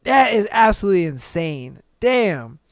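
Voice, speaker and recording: A young man hosts a podcast in a slangy, profane, animated style. His voice is smooth and clear, and it sounds dry and close to the mic. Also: high-pitched, measured pace, no room sound. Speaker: podcast host. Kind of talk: casual solo podcast commentary.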